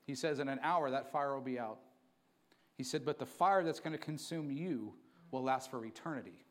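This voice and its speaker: A man preaching a sermon to his church, moving from quiet storytelling to fervent, emphatic preaching. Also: medium pitch, normal speed. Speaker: pastor.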